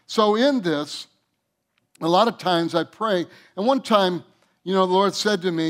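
A man preaching a sermon to his church as its pastor, earnest, with restarts and soft, quiet endings to his phrases. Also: high-pitched, a little slow. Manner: earnest, with repeated restarts and soft drops in volume. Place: church sanctuary.

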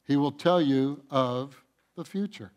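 A male pastor delivering a sermon in church, preaching with passion, building to loud emphatic runs and repeating phrases. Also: medium pitch, slow.

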